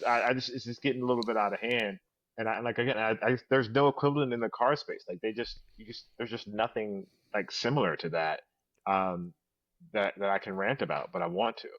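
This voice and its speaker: A man's voice: lowish voice, brisk, no room sound, lo-fi sound. A man co-hosting a podcast in casual chat, rambling and correcting himself. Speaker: podcast co-host.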